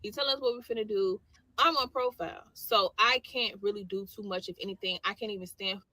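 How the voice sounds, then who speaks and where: A woman soldier tells a story in a vlog clip, slangy and animated as she acts out both sides of a dialogue. Her voice is bright and forward. The sound is dry and close. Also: medium pitch, a little fast, no room sound.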